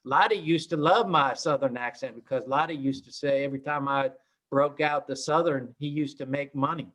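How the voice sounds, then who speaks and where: A man's voice: medium pitch, a bit bright, lo-fi sound. A man hosting a live day trading room, chatting in an upbeat, chummy, rambling way. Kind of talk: casual live trading chat.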